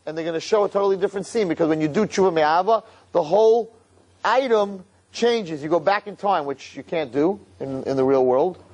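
A man giving an animated sermon, acting out scenes and repeating lines for emphasis. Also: sits high, fairly quick. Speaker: religious speaker.

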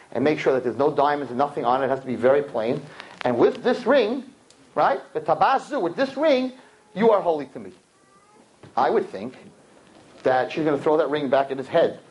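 A man teaching a religious lesson to a class, telling stories with lively acted-out voices and sudden pitch jumps. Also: low-quality recording. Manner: lively storytelling, jumps high in pitch, acts out characters. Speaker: rabbi teacher. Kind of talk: animated classroom lecture.

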